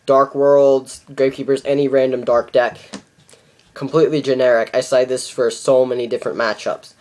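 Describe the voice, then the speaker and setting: A teenage boy vents in a casual vlog, his voice sitting at an ordinary middle pitch. He talks in an exasperated, repetitive way, coming back again and again to how ridiculous and pathetic things are. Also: flat delivery, normal speed, a little mellow. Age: teens. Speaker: card game vlogger.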